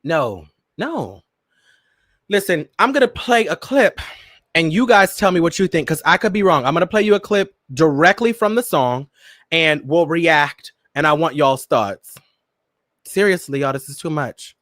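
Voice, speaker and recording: A young man with a high, lively voice that swings widely as he riffs through pop-culture commentary. He hosts in a dramatic, playful way, breaking into laughter often. The recording is close and dry. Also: measured pace, dry recording. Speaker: podcast host.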